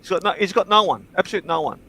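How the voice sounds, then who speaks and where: A man hosting a livestream, telling stories in casual chat, swearing freely and getting animated in bursts. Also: high-pitched, very fast, poor audio. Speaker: livestream host.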